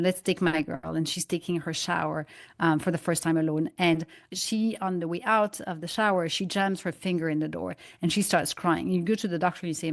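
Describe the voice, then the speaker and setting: An animated woman talking through stories and analogies, slipping into quoted dialogue as she goes. Her voice sits a little low. The sound is dry and close. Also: no echo. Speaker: guest, holistic migraine practitioner. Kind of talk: conversational interview, storytelling.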